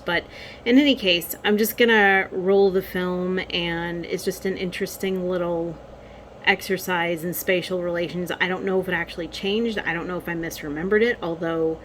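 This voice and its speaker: A woman vlogging casually while walking down a city street on her phone, musing in a rambling, wry way. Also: lowish voice. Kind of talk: casual vlog chat. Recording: loud street traffic noise.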